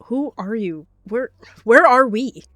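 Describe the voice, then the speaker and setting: A woman's voice: mid-range voice, animated, unhurried, dark tone, no room sound, pitched above the performer's own voice, natural voice. A woman voicing a timid, shaken young male warrior cat who stammers nervously. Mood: frightened.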